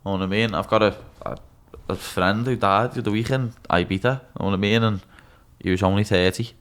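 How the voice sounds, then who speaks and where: A man's voice: lowish voice, fairly quick, clean tone. A young man in his twenties with a Scouse accent, a guest on a podcast, talking bluntly and candidly, swearing freely and calling everyone "lad". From Liverpool, England. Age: 20s. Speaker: guest, MMA fighter.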